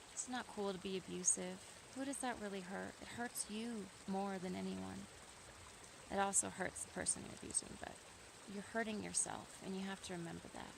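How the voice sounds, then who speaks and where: A woman's voice: medium pitch, vocal fry, noisy background. A woman talking freely and earnestly to a camera outdoors in nature, building at times to emphatic bursts. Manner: earnest, free-flowing, rising to emphatic bursts. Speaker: vlogger. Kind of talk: casual spoken reflection to camera.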